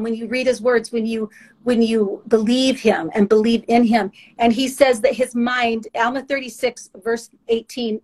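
Earnest woman, slightly high voice. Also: low-quality recording. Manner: earnest, emotional, halting with restarts. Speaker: guest sharing faith testimony. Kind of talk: heartfelt spoken testimony.

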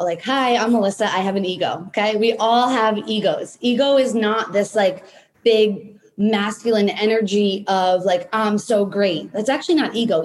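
A woman in her thirties, a business coach, leads a live online workshop in a casual, energetic way, often checking in with "right?". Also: medium pitch. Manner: energetic, repeats points with "right?"; casual, occasional swearing.

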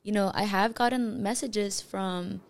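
A woman's voice: medium pitch, steady tone, a little slow, gravelly. A woman answering interview questions as a podcast guest, in a candid, laid-back way.

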